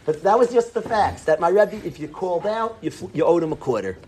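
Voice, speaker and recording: A man in his late twenties telling a lively story to students, acting out the people in it and dropping into whispers for quoted lines. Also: sits high, fast. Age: 20s. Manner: animated, acts out whispers and quotes. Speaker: yeshiva educator.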